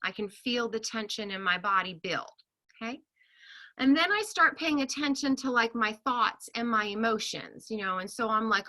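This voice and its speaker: A woman counselor giving a casual talk to a group of women, chatty and animated, laughing often and checking in with "okay?" and "right?". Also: fairly high pitch, moderate pace. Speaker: licensed counselor.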